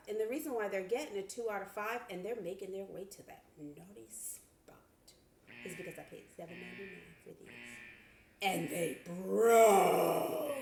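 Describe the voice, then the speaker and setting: A woman's voice: mid-range voice, a little hiss or hum. Chatty woman reviewing sewing gear. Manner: chatty and expressive, with laughs and exclamations. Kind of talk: casual product review. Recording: echoey room.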